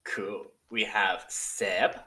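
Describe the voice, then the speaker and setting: A man hosting a tabletop game as dungeon master, narrating in a relaxed, measured way. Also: fairly low pitch, slight background noise, low-quality recording.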